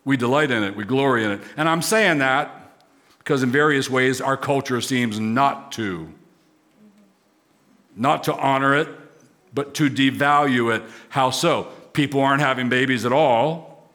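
A man's voice: mid-range voice, measured pace, a bit bright. A man preaching a sermon as pastor, emphatic, with rising, swelling repetition.

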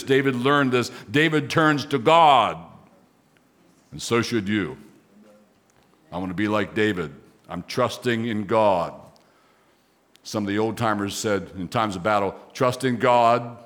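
A man's voice: medium pitch, a bit bright. Emphatic preaching man. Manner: emphatic, repeats key phrases, rises sharply on exclamations. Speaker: pastor. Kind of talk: sermon.

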